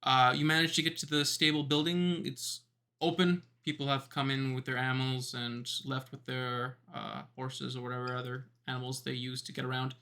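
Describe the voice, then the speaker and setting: Man, game master, bright voice, middle pitch, halting narration with lots of ums, desk mic on a voice call. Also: little pitch movement. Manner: hesitant, many ums and pauses.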